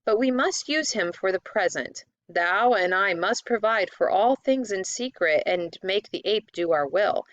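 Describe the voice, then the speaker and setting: A woman's voice: medium pitch, lively intonation, unhurried, hardly any pauses, a bit bright, dry recording, highs cut off. A woman voicing a scheming male captain who speaks formally and condescendingly in a storybook reading.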